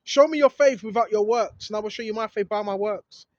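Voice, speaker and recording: A man's voice: high-pitched, fairly quick, no room sound. A man preaching informally, reading scripture and repeating his points with rising emphasis. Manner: emphatic, repetitive, rising to shouts. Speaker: street preacher. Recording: dull lo-fi recording with faint noise.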